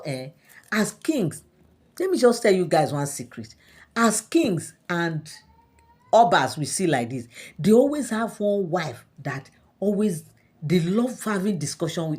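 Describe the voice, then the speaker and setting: A Nigerian woman chats through a gossip story for her followers, sprinkling in fillers and local asides. Her speaking voice sits on the lower side for a woman. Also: a little mellow, slightly rough. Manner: chatty, full of fillers and Yoruba asides. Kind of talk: casual gossip narration.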